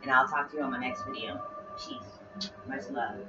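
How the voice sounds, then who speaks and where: A spiritual vlogger at home talks casually to her viewers while listening to music, rambling and repeating phrases as she addresses them directly. Her voice is rumbling low with fairly even intonation at normal speed, and the recording sounds roomy, distant, and dull, with music in the background.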